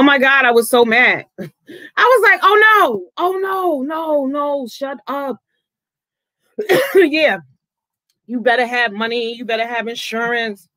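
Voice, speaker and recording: Outspoken vlogger, casual commentary, swears a lot, voice leaps up, dry close sound, middle pitch. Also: pushed and bright, dry recording. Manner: outspoken, swears freely, voice jumps up when riled.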